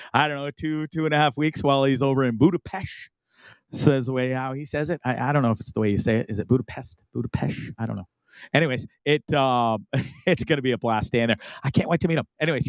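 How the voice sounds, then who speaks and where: A man's voice: mid-range voice, no echo. Rambling, upbeat middle-aged man hosting. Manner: rambling, enthusiastic, frequent laughs and asides. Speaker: host of a live online talk show. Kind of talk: casual live-stream chat.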